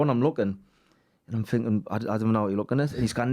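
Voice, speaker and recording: A man, a podcast guest speaking casually in a halting, hesitant way. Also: medium pitch, dark tone. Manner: halting, many fillers and restarts. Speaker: guest who works with kids. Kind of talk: casual chat.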